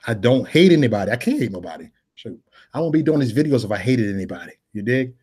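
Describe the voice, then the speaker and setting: A man's voice: medium pitch, big pitch swings, fast talker, darkish tone, husky. A man in his forties with a Chicago accent preaches in raw, unpolished street slang. He repeats his phrases for emphasis and talks straight to his viewers. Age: 40s. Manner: repetitive, emphatic, conversational.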